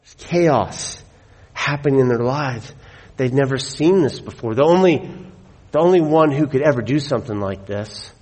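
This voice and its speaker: A middle-aged man preaching a sermon, telling stories with animated delivery and slowing down to stress his points. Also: mid-range voice, slightly rough. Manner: animated storyteller, slows for emphasis. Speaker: pastor.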